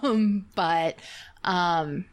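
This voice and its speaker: A woman from Texas with a light Texas accent, chatting casually in a slow, unhurried Southern cadence and laughing often. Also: lowish voice. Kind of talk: casual chat.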